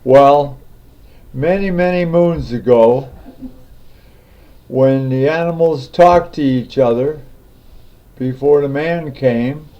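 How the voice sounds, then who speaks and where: A man telling a folk tale in an unhurried way, with fillers and restarts, on a dull lo-fi recording. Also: mid-range voice. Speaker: storyteller. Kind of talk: oral folk storytelling.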